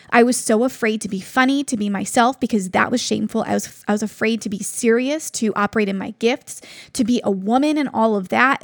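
A woman's voice: a little high, no room sound, clean studio sound. A woman in her thirties hosting a devotional podcast, telling a personal story in an earnest, reflective way. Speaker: podcast host.

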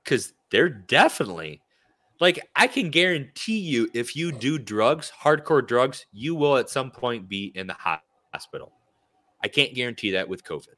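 A man's voice: medium pitch, big pitch swings, moderate pace, a bit bright. A man co-hosting a political talk show, ranting with indignant sarcasm.

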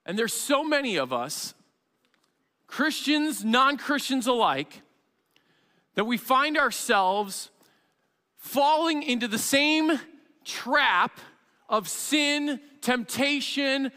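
Bright-voiced pastor preaching in a reverberant hall. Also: male voice, very high voice, takes it slowly, long pauses. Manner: animated storytelling, acts out parent and child. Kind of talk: sermon. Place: church sanctuary with long reverb.

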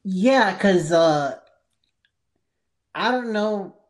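A man co-hosting a podcast, talking casually about a TV series in halting, trailing phrases. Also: high-pitched, lively intonation. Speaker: podcast co-host. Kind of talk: casual chat reviewing a TV series.

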